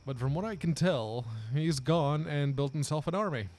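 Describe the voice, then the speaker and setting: A man reading aloud the lines of a weary older male farmer in a game, in a plain, low-key voice without putting on an accent. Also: expressive, moderate pace, a little mellow, slight background noise, natural voice. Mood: grim.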